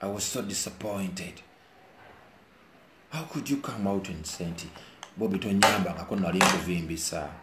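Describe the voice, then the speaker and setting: Indoors with rain outside, a Ugandan commentator addresses viewers in an emotional, earnest and preachy monologue, mixing Luganda and English. His voice is low-pitched, at normal speed, with many pauses. The audio carries a roomy echo and faint hiss.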